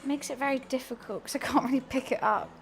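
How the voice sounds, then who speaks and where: A young woman in her home kitchen, chatting and laughing easily with her stream audience as she cooks. Her voice sits a little high. Soft music plays faintly behind her. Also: quick pace. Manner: chatty and giggly, reads out chat and answers it. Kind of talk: casual live-stream chat while cooking.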